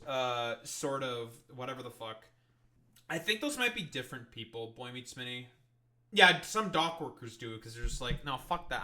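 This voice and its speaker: Bright-voiced profane young man ranting. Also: fairly high pitch. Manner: rambling, profane, sarcastic. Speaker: streamer reacting to clips. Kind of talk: casual profane reaction commentary.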